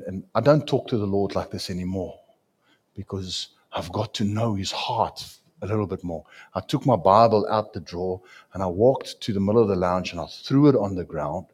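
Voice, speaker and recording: A man preaching a sermon as a pastor, with dramatic swings in pitch and loudness. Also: husky.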